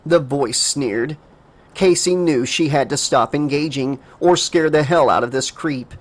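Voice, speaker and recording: A man narrating a horror audiobook dramatically, raising his pitch for a frightened girl's lines. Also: unhurried. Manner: emotive reading, voices the girl in a higher pitch.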